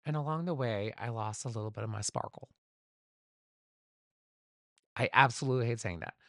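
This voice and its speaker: Guy rambling on his own podcast, candid and sweary, lots of fry in the voice, dead dry sound. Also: medium pitch, moderate pace, bright, forceful tone, no echo. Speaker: podcast host. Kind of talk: unscripted solo podcast chat.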